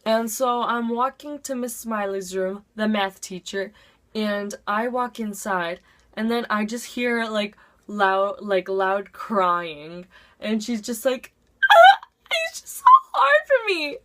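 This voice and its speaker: A teenage girl chats through a storytime at a casual, even pitch, leaning on "like" between her phrases. She sounds like she is talking straight into a camera from home. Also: takes it slowly. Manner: chatty, heavy use of "like". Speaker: vlogger.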